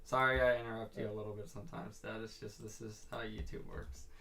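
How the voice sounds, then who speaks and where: A young man co-hosting a casual podcast with his father, chatty and quick to interrupt and laugh. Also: lowish voice, level tone, bright, forceful tone. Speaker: podcast co-host, son. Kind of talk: casual chat.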